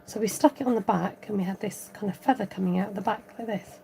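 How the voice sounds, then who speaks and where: Quick and gravelly yet mellow, this mid-range female voice comes with a little hiss or hum. She's at home giving a casual papercraft tutorial, chatting and giggling as she works.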